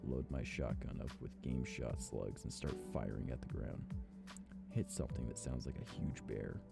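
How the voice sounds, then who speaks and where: A man doing a hushed, scared hunter narrating. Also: moderate pace, gravelly, loud music behind the voice, exaggerated voice. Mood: hushed, tense. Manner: quiet, low, close to a whisper. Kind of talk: hushed horror story narration.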